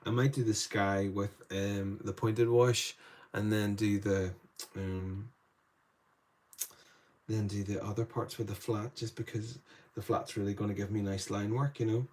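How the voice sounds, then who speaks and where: A man with a fairly low voice runs a live painting demo from an indoor studio. He talks through each step quietly, as if thinking aloud. His voice lifts when he greets viewers and answers their questions. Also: level tone, unhurried. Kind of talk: live-stream demo, talking to chat.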